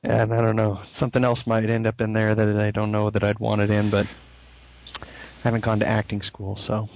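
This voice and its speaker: A man's voice: on the low side, completely flat delivery, a little fast, a little mellow, no room sound. A man co-hosting a podcast in casual, rambling chat, with many fillers. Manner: chatty, rambling, filler-heavy. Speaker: podcast co-host.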